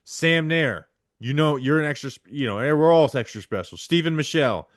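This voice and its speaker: A man hosting a podcast, reading supporter names aloud in quick succession and stumbling over the hard ones. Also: fairly high pitch, expressive, no room sound, clean studio sound. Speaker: podcast host.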